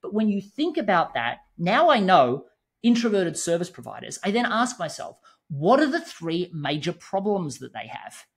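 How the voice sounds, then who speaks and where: A man speaking as a podcast guest, his voice somewhat husky and slightly breathy. His pitch swings widely as he explains, jumping up to act out quoted conversations, then dropping back down. His delivery is emphatic and punchy, with quick asides. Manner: lively, acts out quoted dialogue in different tones. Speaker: podcast guest, business growth coach. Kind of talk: animated interview explanation.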